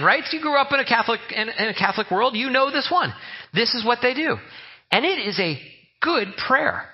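A man's voice: very high voice, big pitch swings, fairly quick, slightly rough, lo-fi sound. A man preaching a humorous, conversational sermon as a pastor, often mimicking the way people pray. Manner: joking, conversational, mimics prayer voices. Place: church sanctuary.

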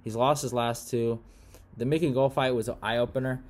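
A man's voice: mid-range voice, fairly even intonation, moderate pace, a little hiss or hum. A man hosting a casual fight-prediction monologue, slangy and profane, saying bro a lot, often breaking into laughter.

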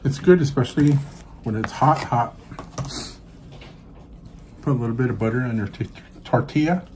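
A man's voice: mid-range voice, moderate pace, a little mellow, slight background noise. A man co-hosting a casual family food vlog, joking and playful. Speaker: vlog co-host. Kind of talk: casual chat.

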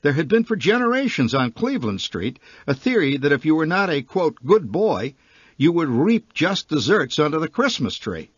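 A man's voice: on the high side, very animated, moderate pace, hardly any pauses, slightly rough, no echo, lo-fi sound. A man reading his own humorous short story aloud, wry and vivid in his comic storytelling.

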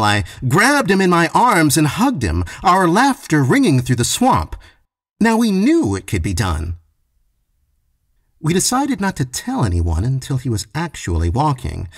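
A man with a gravelly voice reads a short story slowly and expressively. His pitch swings widely from line to line. He is recorded close and dry, with no room sound. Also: no room sound. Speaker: story reader. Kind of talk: dramatic short-story reading.

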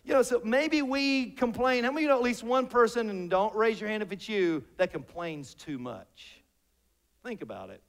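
A man's voice: high-pitched, a bit bright. A man preaching a sermon to his congregation, joking and asking rhetorical questions. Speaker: pastor. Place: church sanctuary.

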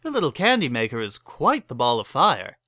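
A man's voice: medium pitch, wildly swooping pitch, brisk, bright, forceful tone, dry recording, clean studio sound, exaggerated voice. Man doing a genial old aristocrat stallion. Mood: amused. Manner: grand, formal phrasing. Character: older male aristocrat pony, genial and grand.

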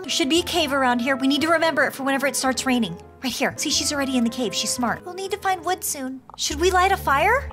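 A woman hosting an excited let's-play, reacting dramatically with squeals and gasps. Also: high voice. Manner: dramatic, squealing and gasping at scares. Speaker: gaming video host. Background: game music.

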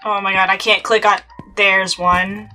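A woman's voice: medium pitch, little pitch movement, measured pace, bright, forceful tone. A young woman chatting playfully through a horror game, with exasperated asides. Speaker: gaming channel host. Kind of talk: let's play commentary. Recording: faint game music behind.

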